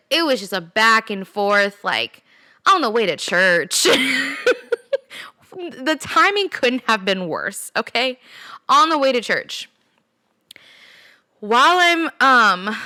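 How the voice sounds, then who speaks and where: A woman's voice: medium pitch, bright, forceful tone, dry recording. A young adult woman hosting a solo podcast, telling a personal story in a candid, chatty way. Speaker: podcast host. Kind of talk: solo casual podcast talk.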